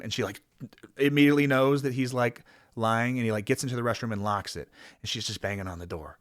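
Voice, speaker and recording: A man's voice: on the low side, quick pace, no room sound, studio quality. A man giving a rambling, casual film review, full of fillers and swearing, sometimes acting out characters in a raised voice.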